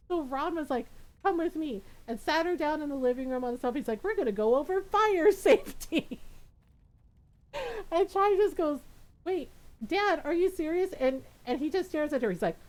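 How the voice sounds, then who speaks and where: A middle-aged woman streamer telling a family story in casual chat, laughing often and acting out what people said. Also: extremely high pitch. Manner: animated, laughs often, acts out quoted voices.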